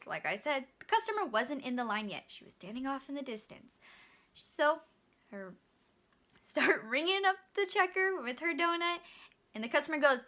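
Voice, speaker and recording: A young woman in her twenties, a store bakery clerk, telling a storytime vlog in an animated way and acting out both sides of a scene. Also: high voice.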